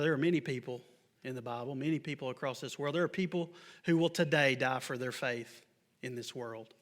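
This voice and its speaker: A man with a somewhat high voice preaches a sermon to a church congregation. He reads scripture aloud and then explains it with emphatic pushes. Now and then he tosses the congregation an offhand, joking question. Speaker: pastor. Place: church sanctuary.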